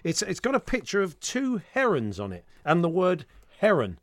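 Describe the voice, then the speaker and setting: A man co-hosting a podcast, spinning chatty stories and teasing his partner. His pitch swings widely as he talks, and the dry studio mic sits close with no room sound. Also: normal speed, dry recording. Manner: chatty storyteller, lively and teasing. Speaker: radio co-host. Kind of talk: casual podcast banter.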